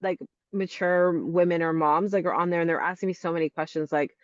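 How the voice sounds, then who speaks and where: A woman's voice: lowish voice, steady tone, brisk, no room sound. Interview guest: Canadian woman, forties, rambling and filler-heavy, on a dull, dry, lo-fi recording. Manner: rambling, heavy use of "like", frequent restarts. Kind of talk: casual interview chat.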